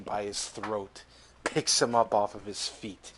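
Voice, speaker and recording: Young male game master with a low voice and a loose, profane, vivid style. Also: level tone, slow, fairly bright tone, slight background noise. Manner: vivid, swearing freely, laughing between beats. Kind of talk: narrating a tabletop game.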